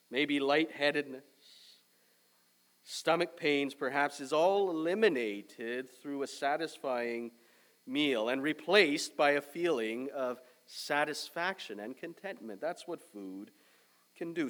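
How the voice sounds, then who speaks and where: Male pastor preaching real slow, a bit high voice, deliberate and emphatic. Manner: measured preaching, loud emphatic start easing to quieter reflective tone. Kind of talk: sermon.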